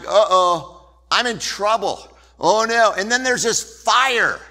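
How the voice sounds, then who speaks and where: A man preaches as a pastor and tells his story in an animated way. His voice is bright and forward, and he keeps an unhurried pace. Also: high-pitched. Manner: animated storytelling, shifting from loud to hushed. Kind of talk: sermon.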